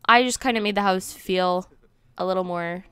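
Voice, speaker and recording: A woman's voice: mid-range voice, normal speed, a bit bright, clean tone, no echo. A woman giving casual, joking gameplay commentary, sarcastic and giggly, with the odd swear. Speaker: let's play host.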